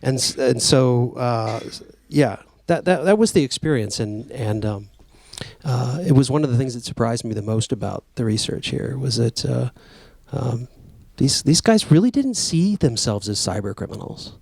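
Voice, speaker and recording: A man's voice: medium pitch, moderate pace, gravelly, no room sound. A man, an author speaking conversationally to an audience, with many fillers and restarts. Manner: frequent fillers and restarts, animated when quoting. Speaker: author at a book talk.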